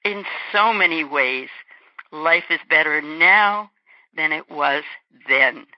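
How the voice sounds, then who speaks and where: A woman's voice: low-pitched, slow pace, dry recording. Woman in her 80s, from Germany, reflective and earnest, dry muffled radio sound. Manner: reflective, earnest, acts out small quoted remarks. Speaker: guest author. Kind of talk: interview conversation. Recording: dull lo-fi radio recording.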